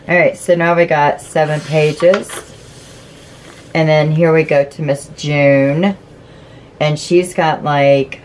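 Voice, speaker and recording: A woman's voice: sits low, a little mellow, slight background noise, poor audio. A woman hosting a casual craft flip-through, chatty and gushing as she explains each step. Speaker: craft channel host.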